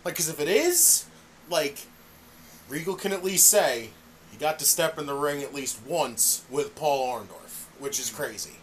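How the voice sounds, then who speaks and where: Chatting casually about wrestling, this podcast co-host rants with heavy profanity and lively reenactments of other people's outbursts. They speak at a measured pace in a medium-pitched voice, over slight background noise.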